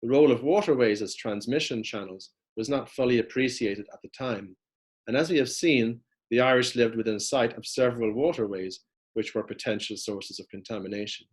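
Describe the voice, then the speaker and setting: A man giving a prepared lecture, reading steadily from notes as he walks through maps. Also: medium pitch. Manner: measured, reads from notes with map references.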